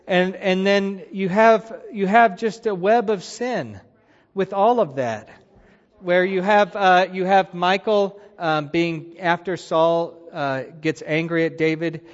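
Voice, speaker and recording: A man retells a Bible story in an animated, conversational teaching style. His voice sits a little high. The sound is dull, with a long reverb trailing off.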